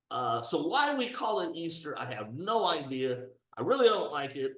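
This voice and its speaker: A man's voice: fairly high pitch, fairly bright tone, roomy sound. A man talking casually to his viewers in a rambling, emphatic way, full of fillers and restarts. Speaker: video blogger. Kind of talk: casual monologue to camera.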